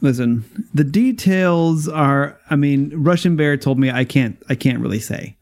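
Male co-host, playful, laughs a lot, a bit higher pitched. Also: a little slow, a little mellow. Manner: jokey, laughs often. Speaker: podcast co-host. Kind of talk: casual chat.

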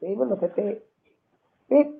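A woman's voice: animated, normal speed, gravelly. A woman hosting a casual live podcast, emotional and effusive, often repeating herself. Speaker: podcast host. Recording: muffled low-fidelity audio.

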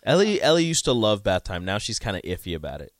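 A man's voice: on the low side, very animated. A man hosting a radio sports talk show, joking and teasing his co-host in casual banter. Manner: joking, teasing, quick back-and-forth. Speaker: parent.

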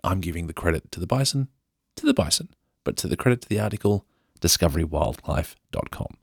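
A man's voice: extremely low pitch, creaky, husky, no echo, clean studio sound. An Australian man hosting a podcast, reading an article aloud in a casual way and breaking off for jokey asides. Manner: jokey, self-interrupting commentary. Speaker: podcast host. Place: indoor room.

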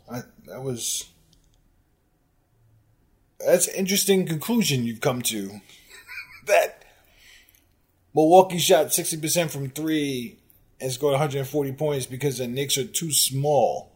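A man hosting a sports commentary show, ranting in an exasperated, sarcastic way at fan comments and rising to loud outbursts. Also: medium pitch, a little slow, pauses often. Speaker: sports podcast host.

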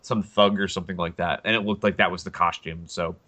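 A man with a low, bright and forceful voice chats on a casual podcast. He rambles eagerly and gets lively when joking about favorite characters. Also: fast talker. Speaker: podcast co-host. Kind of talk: casual chat.

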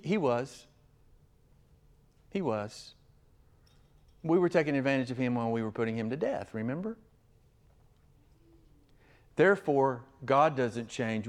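A man preaching an expository sermon as pastor, earnest and emphatic, swinging between loud stressed phrases and quiet asides. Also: medium pitch.

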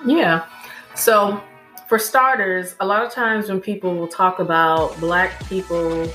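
A woman's voice: medium pitch, fairly even intonation, slow, a bit bright, faint music behind. A woman answering interview questions in an emphatic, lecturing way, often listing examples. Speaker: guest. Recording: echoey room.

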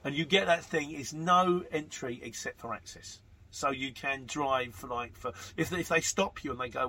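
A chatty male podcast host reading out listener messages and riffing on them in a loose, rambling way. His voice is forceful and bright, with a husky, slightly rough edge. He talks in a matter-of-fact manner, full of fillers and restarts. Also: medium pitch, moderate pace. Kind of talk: casual chat.

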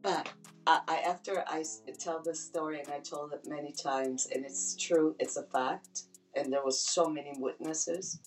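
Low-voiced woman telling stories emphatically. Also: normal speed. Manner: animated, emphatic storyteller who swears. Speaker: podcast guest. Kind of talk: casual storytelling. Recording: distant mic with faint music.

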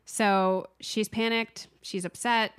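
A woman co-hosting a podcast, recapping a film in a casual, animated way and acting out its characters' lines. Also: medium pitch, slow pace, smooth. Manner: animated storytelling, acts out the film's lines. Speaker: podcast co-host. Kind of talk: casual movie recap chat.

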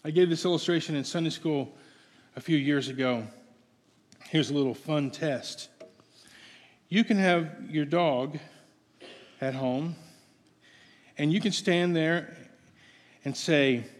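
A male pastor delivers a sermon at an unhurried pace, his slightly raised voice ringing through a long hall reverb. He preaches in a playful, conversational way and keeps asking his congregation questions. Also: on the high side.

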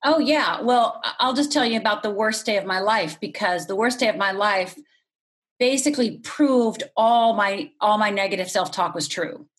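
Middle-aged woman guest, candid storyteller, even mid pitch, unhurried delivery. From Upper Michigan, USA. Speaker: podcast guest. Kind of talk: personal storytelling.

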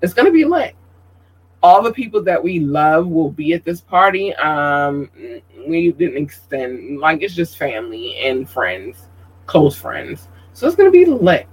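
A fairly high-voiced man with a drawl chats loosely on his livestream. He talks with open emotion, plain-spoken and cursing freely, in an animated, heart-on-sleeve way. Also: moderate pace, husky, rough recording. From Georgia, USA. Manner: emotional, outspoken, profane, animated. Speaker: livestream host. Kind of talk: casual livestream chat.

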